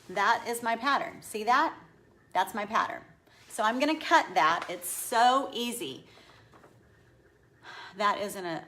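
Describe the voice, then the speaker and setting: A woman's voice: medium pitch, pushed and bright, slight background noise. A middle-aged woman, a furniture painter chatting casually on a live stream, rambling as she works and reading viewer comments aloud. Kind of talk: casual live-stream chat while demonstrating a craft.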